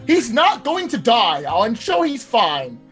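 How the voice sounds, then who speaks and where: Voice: mid-range voice, wildly swooping pitch, takes it slowly, a bit bright, soft background music, full character voice. A player voicing a harried older brother who runs a shop and talks in a fussy, exasperated way. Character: harried older brother, busy innkeeper-alchemist.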